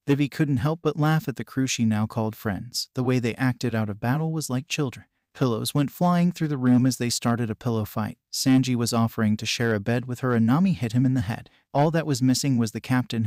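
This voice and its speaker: A man giving steady storybook narration of a fan story. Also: mid-range voice, fairly quick, few pauses, no echo, studio quality.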